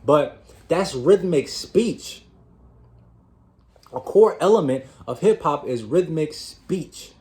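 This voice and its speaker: Fairly high-voiced man giving a motivational talk. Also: expressive, slow, long pauses, dark tone. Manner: conversational, talks to the audience as y'all, repeats words as he gathers thoughts. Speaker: host of a self-improvement channel.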